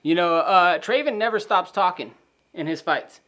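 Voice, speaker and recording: A man co-hosting a casual podcast, running through fighter stats in a steady listing manner. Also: high voice, moderate pace. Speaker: podcast co-host. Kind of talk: casual sports prediction chat.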